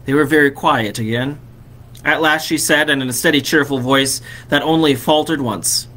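Bright-voiced man reading a storybook aloud. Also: fairly high pitch. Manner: expressive reading, slowing on key phrases. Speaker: vicar.

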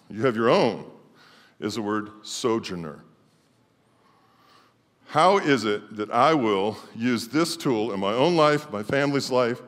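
A middle-aged male pastor preaching a sermon emphatically, swinging between loud declarations and quiet asides. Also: medium pitch. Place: church sanctuary. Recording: long church hall reverb.

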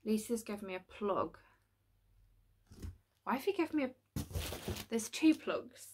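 A woman filming a casual home unboxing vlog, gushing and excitable, sometimes dropping to a whisper. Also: mid-range voice, unhurried, noisy background. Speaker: unboxing vlogger. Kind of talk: casual chat to camera. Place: home studio.

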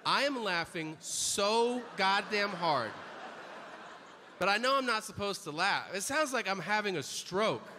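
A man performing stand-up comedy on a theater stage, telling stories with animated delivery and jumping high for quoted voices. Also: unhurried. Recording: large hall with reverb, faint noise.

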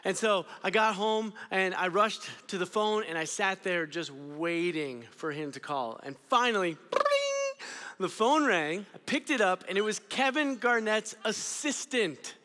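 A young man giving an energetic, storytelling youth sermon. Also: high voice, a little slow, hardly any pauses, big-room sound. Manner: energetic, storytelling, drops to quiet intensity. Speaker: student ministry speaker. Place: church auditorium.

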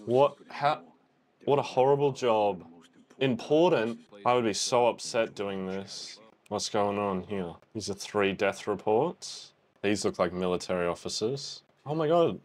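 A young man with a lowish, slightly slow voice hosts a reaction video, watching a film for the first time. He chats casually, exclaiming and thinking out loud as the movie unfolds.

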